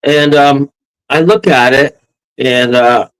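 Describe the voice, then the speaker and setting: A Canadian man telling a wild story as an interview guest, rambling and excitable, often breaking into laughs. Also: mid-range voice, takes it slowly, clear, resonant tone, rough recording.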